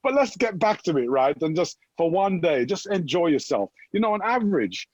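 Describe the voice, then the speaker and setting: A man's voice: high-pitched, moderate pace, no echo, dull audio. A man from Jamaica with a Jamaican accent, chatting as an upbeat fitness guest and often tagging his points with "right?". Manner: energetic, keeps tagging "right?". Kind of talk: upbeat motivational chat.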